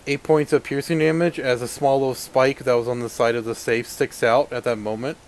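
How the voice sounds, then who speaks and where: A young man running a tabletop game as game master, narrating in a loose, relaxed way with many fillers. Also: mid-range voice, fairly quick.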